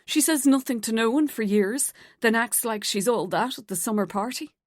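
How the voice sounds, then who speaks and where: A woman's voice: a little high, moderate pace, no echo, clean studio sound, natural voice. A woman narrator voicing a catty, sneering woman office gossip with an affected South Dublin accent. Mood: spiteful.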